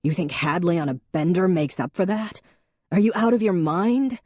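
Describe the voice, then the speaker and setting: Narrator plays a haunted man, forceful then low. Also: expressive, normal speed, no echo, studio quality. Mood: angry. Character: angry, haunted man who then goes quiet.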